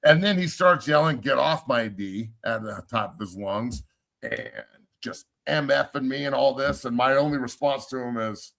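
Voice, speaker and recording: A man's voice: mid-range voice, big pitch swings, moderate pace, vocal fry, fairly bright tone. A middle-aged man hosting a podcast and coaching football, telling stories bluntly with plenty of swearing and giving heartfelt praise. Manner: blunt, profane storyteller. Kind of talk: casual chat.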